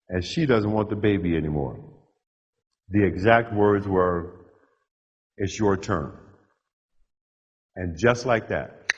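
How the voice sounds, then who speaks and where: A middle-aged man giving a motivational keynote, telling his own story in short punchy phrases with dramatic pauses. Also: fairly low pitch, breathy edge. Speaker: motivational speaker. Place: large hall with a live audience. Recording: dull lo-fi live hall recording.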